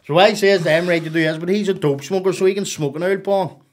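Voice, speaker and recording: A man, a podcast guest telling a story in a casual, animated, profane and rambling way. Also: high voice, quick pace, noisy background.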